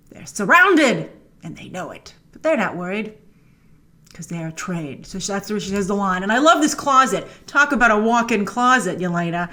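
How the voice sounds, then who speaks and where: A woman's voice: mid-range voice, sharp tone. A woman hosting a film review show, chatting enthusiastically through a trailer breakdown with frequent fillers. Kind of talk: casual trailer breakdown commentary.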